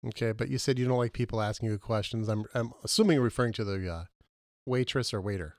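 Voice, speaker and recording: A man co-hosting a casual movie podcast, questioning his partner and arguing his points with lively jumps in pitch. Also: fast, no echo, studio quality. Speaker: podcast co-host.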